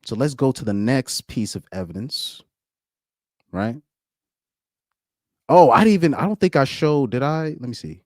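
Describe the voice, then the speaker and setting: A man talking through a casual live stream at a middle pitch, rambling and stumbling over repeated words. He breaks into laughs often. The sound is dry and close to the mic. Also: lively intonation, normal speed, pauses often, dry recording. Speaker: commentary streamer.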